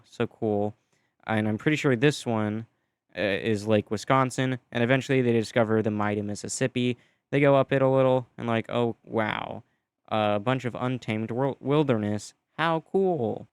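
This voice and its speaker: A man narrating in a relaxed, offhand way, his voice unusually smooth and clean. The sound is dry and close, with no room around it. He drifts along with fillers and drops into flat deadpan asides. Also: mid-range voice, dry recording. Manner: offhand and chatty, mimics groups with flat deadpan asides, frequent "uh". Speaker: map video creator narrating. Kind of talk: casual voice-over narration.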